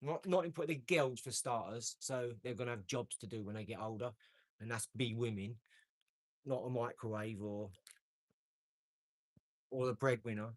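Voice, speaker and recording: Guy on a live stream, hypes viewers up, repeats himself a lot, average pitch, dry close sound. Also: moderate pace, pauses often, no room sound. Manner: emphatic, repeats phrases for effect. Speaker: livestream host. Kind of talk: casual motivational livestream chat.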